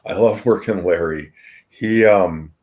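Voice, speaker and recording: Brief: older male guest with a very low voice, easygoing storyteller, lots of ums and false starts. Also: measured pace, darkish tone. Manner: rambling with frequent ums and restarts. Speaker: retired wrestler, podcast guest. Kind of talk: casual anecdotal storytelling.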